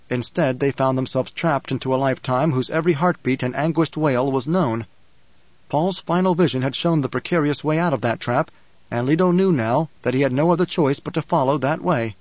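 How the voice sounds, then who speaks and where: A man narrating an audiobook in a measured, dramatic reading style. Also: mid-range voice, darkish tone, no room sound. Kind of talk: scripted narration. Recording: dull, dry recording.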